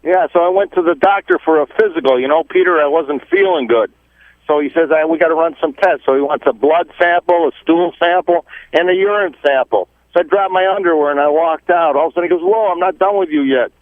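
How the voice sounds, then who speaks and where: A man calling in to a radio show, telling a joke loudly and breezily. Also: on the high side, a little fast, no echo. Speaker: caller. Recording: phone line.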